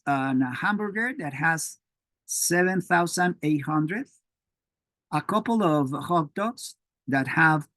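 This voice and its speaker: A man from Mexico whose first language is Spanish, giving an academic lecture on biochemistry in a halting way with many fillers and restarts. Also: on the high side, fairly bright tone, no echo.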